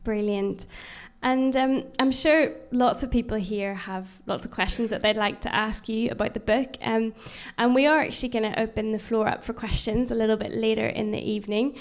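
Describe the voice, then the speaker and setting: A woman hosting a live book launch interview, friendly and filling pauses with lots of ums. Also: a little high, fairly even intonation. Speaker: interviewer and event host. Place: event venue with audience.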